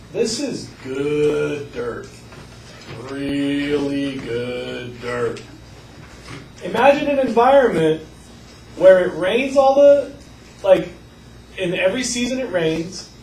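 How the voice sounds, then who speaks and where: A male teacher giving a lively classroom lecture, telling stories and acting out voices. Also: high voice, recorded from a distance. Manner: animated storyteller, acts out voices. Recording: echoey classroom with faint noise.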